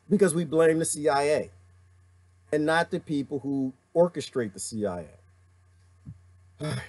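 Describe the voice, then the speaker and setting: A man hosting a livestream, ranting with emphatic repetition and calling out viewers by name. His voice is high and sits dry and close to the mic. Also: darkish tone, no echo. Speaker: livestream host reading viewer comments. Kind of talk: impassioned livestream rant.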